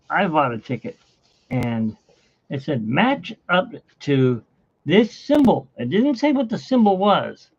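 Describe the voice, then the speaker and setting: A middle-aged man with hiccups chatting casually at home while drawing, rambling and animated, his pitch jumping up when he gets excited. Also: slow. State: has hiccups. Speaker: artist and channel host. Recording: dull lo-fi home recording.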